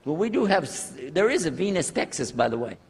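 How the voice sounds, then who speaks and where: An older man, a preacher, telling a personal story to an audience and acting out the dialogue with lively shifts of voice. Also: a little high, brisk. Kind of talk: storytelling lecture. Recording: husky voice in a long-reverb hall.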